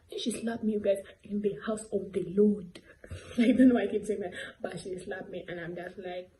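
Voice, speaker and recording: A woman's voice: medium pitch, steady tone, moderate pace, dark tone, a little hiss or hum, rough recording. A teenage girl vlogging, telling a rambling story full of fillers and giggly asides. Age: late teens. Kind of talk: casual storytelling vlog.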